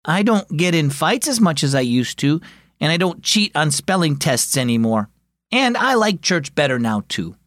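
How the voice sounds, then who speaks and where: A man's voice: fairly high pitch, big pitch swings, moderate pace, a bit bright, dry recording, clean studio sound. A man reading as an earnest young boy. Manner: earnest, sincere.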